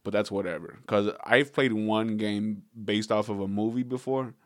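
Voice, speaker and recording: A man from Southern California rambles through a casual podcast chat. He swears freely and laughs often, and his voice sits a little low. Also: normal speed, no echo, studio quality.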